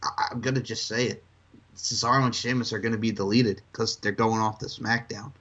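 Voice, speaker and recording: Animated, cursing man on a podcast. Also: a little fast, dull audio. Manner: animated, swearing, mocking in shrill put-on voices. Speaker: podcast co-host. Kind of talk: casual wrestling chat.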